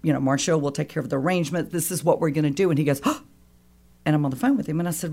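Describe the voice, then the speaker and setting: A woman guest on a radio program speaks fast in a low voice with vocal fry. She recounts a personal story with emotion, animatedly acting out the quoted voices.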